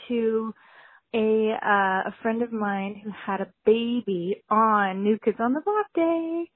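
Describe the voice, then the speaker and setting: A woman calling in, chatty and warm, with frequent ums and pauses. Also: medium pitch, no echo. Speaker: caller leaving a voicemail. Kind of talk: casual chat. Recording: tinny phone line.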